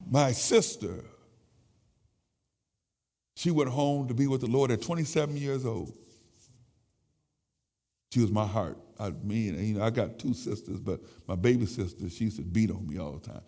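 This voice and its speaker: A man in his sixties giving an emotional, halting sermon testimony in a church sanctuary. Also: lowish voice, expressive, warm tone. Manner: emotional, halting with repeated words. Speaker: church speaker. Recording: echoey church hall.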